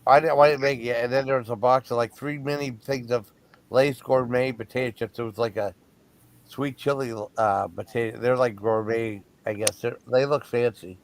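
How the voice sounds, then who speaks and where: A man's voice: medium pitch, fairly even intonation, normal speed, slight background noise. A man chatting as a guest on a livestream, easygoing and rambling with fillers. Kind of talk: casual chat.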